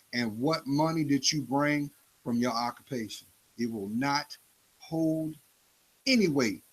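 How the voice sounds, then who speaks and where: A man's voice: medium pitch, breathy edge, rough recording. A man delivering a preachy spoken-word monologue, confronting the listener with rhetorical questions.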